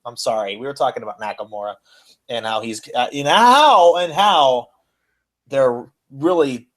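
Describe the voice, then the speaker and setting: A man co-hosting a casual wrestling and sports podcast, excitable and rambling, swearing as he goes. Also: mid-range voice, normal speed. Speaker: podcast co-host. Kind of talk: casual chat.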